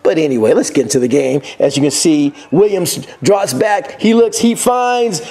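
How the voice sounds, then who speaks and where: High, lively man narrating football clips. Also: moderate pace, a little hiss or hum. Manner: excited, whooping, jokey asides to viewers. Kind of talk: casual play-by-play over game footage.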